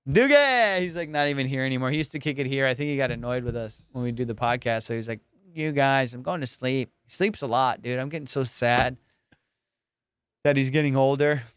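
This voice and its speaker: A man's voice: medium pitch, flat delivery, fast talker, clean tone, no echo, studio quality. A man hosting a comedy podcast, rambling casually, swearing a lot and laughing often. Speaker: podcast host.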